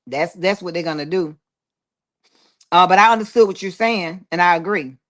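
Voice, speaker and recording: A woman's voice: fairly low pitch, normal speed. A woman hosting a casual livestream, reading viewer comments aloud and answering them in a chatty, drawling way. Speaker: livestream host reading chat. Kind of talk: casual live chat.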